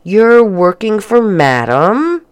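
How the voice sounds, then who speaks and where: A woman's voice: medium pitch, big pitch swings, slow, clear, resonant tone, voice pushed up. A woman voicing an earnest, curious young boy who asks lots of questions. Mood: puzzled.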